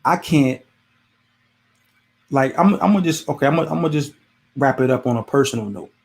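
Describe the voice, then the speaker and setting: Gravelly man giving casual advice. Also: mid-range voice, lively intonation, brisk. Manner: conversational, repetitive, preachy with rhetorical questions. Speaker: podcast host. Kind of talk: casual motivational monologue.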